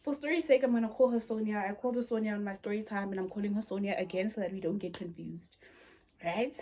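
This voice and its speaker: A woman's voice: medium pitch, fairly even intonation, fast, darkish tone. A young woman telling a dramatic story in a chatty vlog, speaking straight to her viewers. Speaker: vlogger. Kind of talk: casual storytime.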